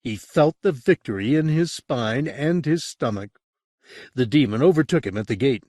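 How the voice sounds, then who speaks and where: A man reading a horror audiobook as narrator, in an expressive storytelling manner. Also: medium pitch, moderate pace, no room sound, studio quality. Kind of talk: scripted narration.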